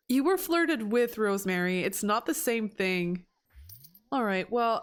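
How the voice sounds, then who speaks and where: A woman giving casual, chatty commentary over her own gameplay, reacting aloud as she goes. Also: mid-range voice.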